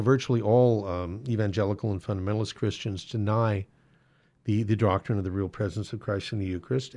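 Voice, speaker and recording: In a lowish, slightly mellow voice with vocal fry, a man walks through Catholic doctrine as host of an apologetics talk. The delivery is a casual explanatory monologue, conversational and full of fillers and restarts.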